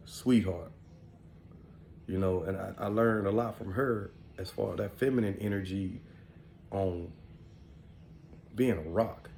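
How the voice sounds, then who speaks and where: A man's voice: low voice, gravelly, darkish tone, slight background noise. A middle-aged man with an African American Vernacular English accent, rambling through family memories in casual talk, full of "man" and "you know". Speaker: podcast host. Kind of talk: casual storytelling monologue.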